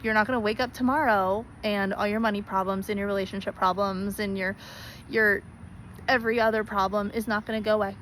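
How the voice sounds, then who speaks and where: A woman's voice: mid-range voice, steady tone, fairly quick, fairly bright tone, slight background noise, poor audio. Earnest, pleading woman vlogger. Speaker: spiritual vlogger. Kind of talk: heartfelt direct-to-camera talk.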